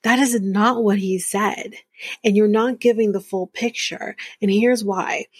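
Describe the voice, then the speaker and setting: A woman's voice: medium pitch, fairly even intonation, unhurried, husky, no room sound. A woman hosting a podcast, recapping a reality show in a blunt, exasperated way and swearing freely. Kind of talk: casual recap commentary.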